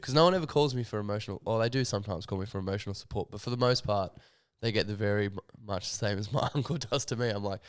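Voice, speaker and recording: Fast-talking man, low voice. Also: smooth, no room sound, clean studio sound. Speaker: podcast host. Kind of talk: casual chat.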